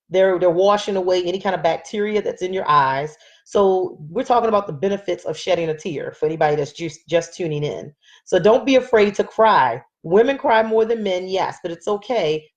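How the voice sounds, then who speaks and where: A woman's voice: lowish voice, darkish tone. A woman hosting a casual live-stream health talk as a wellness coach, chatty and encouraging as she greets viewers by name and reads out their comments.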